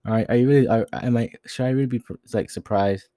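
A man's voice: mid-range voice, fast, dark tone, no echo, clean studio sound. A young man ranting alone as a podcast host, profane and agitated, rambling and swearing constantly. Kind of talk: solo rant.

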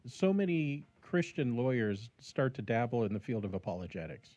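Lively, mellow-voiced man on dull audio. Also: mid-range voice, normal speed, no echo. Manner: reflective, agreeing, lively intonation. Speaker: podcast co-host. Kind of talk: casual theological discussion. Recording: dull lo-fi sound.

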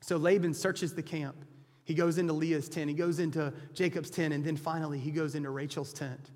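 High-voiced preacher man in a reverberant hall. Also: flat delivery, fairly quick, a little mellow. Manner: conversational storytelling with frequent restarts. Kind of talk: sermon retelling a scripture story.

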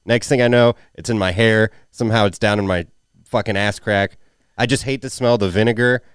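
A man's voice: fairly low pitch, fairly even intonation, brisk, smooth, no room sound, clean studio sound. A young man with a Midwestern American accent co-hosting a podcast, laid-back and swearing as he tells stories. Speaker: podcast co-host. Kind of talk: casual chat.

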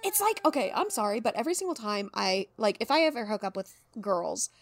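A woman's voice: mid-range voice, very animated, a little fast, no room sound. A young woman co-hosting a book podcast, chatting casually, laughing a lot and acting out her reactions. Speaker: podcast co-host.

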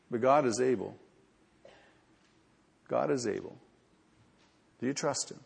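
Gravelly male pastor, earnest sermon, husky voice, long hall reverb. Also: mid-range voice, a little slow, long pauses. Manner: earnest, rising to emphatic peaks.

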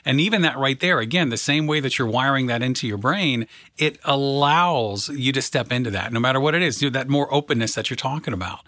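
A man's voice: mid-range voice, animated, brisk, pushed and bright, no room sound, clean studio sound. A man, a podcast co-host and mindset coach, explaining ideas earnestly and stacking phrases for emphasis, often checking in with "right?". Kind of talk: motivational coaching talk.

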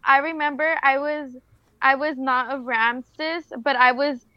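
Giggly high-voiced teen girl. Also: fairly even intonation, unhurried, dry recording, lo-fi sound. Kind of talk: casual chat among friends.

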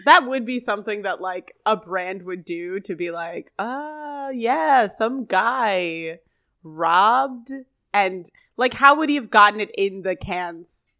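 Woman podcast co-host, relaxed recap, laughs a lot, mid pitch. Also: normal speed. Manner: laughing, chatty storytelling with quoted lines. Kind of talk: casual episode recap.

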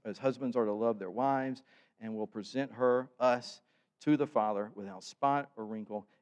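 A man's voice: mid-range voice, darkish tone, highs cut off. Folksy preacher, man. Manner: folksy storytelling, acts out the people he describes. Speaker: pastor. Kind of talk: sermon.

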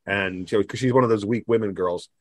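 A man's voice: on the low side, fast talker, no room sound. A man co-hosting a podcast, giving casual critical commentary on a TV show in a sarcastic, wry way. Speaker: podcast co-host.

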